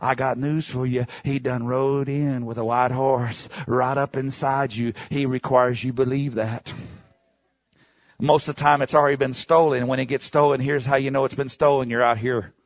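A man's voice: flat delivery, no echo. Fervent preacher man, dry close sound. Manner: fervent, builds to shouts then drops low and slow; repetitive, emphatic. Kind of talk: sermon.

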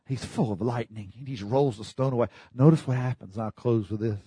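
A man preaching a sermon in a church, fervently, breaking into shouts and calling for the congregation to answer him. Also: medium pitch, a little fast, breathy edge, dry recording. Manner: fervent preaching, bursts into shouts, call-and-response. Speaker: pastor.

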